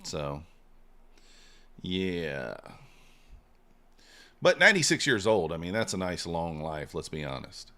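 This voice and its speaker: A man with a low, deep voice talks casually on a live trading stream. He rambles, fills gaps with "uh" and "you know," and lets his thoughts trail off on a drawn-out "so.". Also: very animated, bright, forceful tone. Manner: rambling, many fillers and trailing "so".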